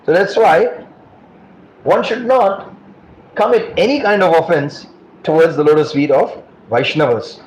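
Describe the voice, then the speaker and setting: A man giving a devotional class, telling stories with lively acted-out voices. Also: a little high, measured pace, long pauses. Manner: animated storytelling, acting out quoted voices. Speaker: class speaker. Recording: echoey room with faint noise.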